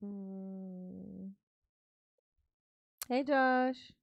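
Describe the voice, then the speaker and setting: Slow, gravelly woman chatting live. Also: medium pitch, no echo, highs cut off. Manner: playful, laughing, drawn-out musing. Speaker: livestream host reading chat. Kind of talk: casual live chat.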